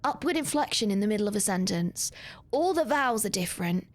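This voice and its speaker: A woman's voice: medium pitch, lively intonation, brisk. A British woman streaming a video game live, chatting animatedly and laughing with her viewers. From Britain. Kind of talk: live gameplay commentary.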